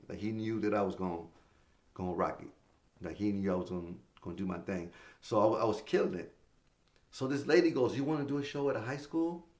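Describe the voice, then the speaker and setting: A middle-aged man, a stand-up comedian guest, telling casual stories in an interview, acting out quoted voices and swearing freely. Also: lowish voice. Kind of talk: casual storytelling in a podcast interview.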